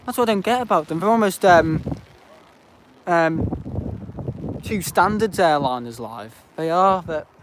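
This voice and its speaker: Outdoors at an airport visitor park, a male livestream host rambles in an aggrieved way, filling his talk with fillers. His fairly high voice is expressive and a little slow, with long pauses, and the outdoor stream audio is noisy.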